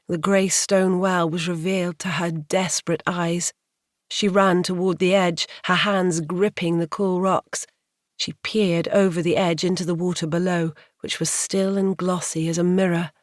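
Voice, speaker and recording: A woman narrating a romance audiobook in a measured, atmospheric way. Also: fairly low pitch, no echo, studio quality. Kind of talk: scripted narration.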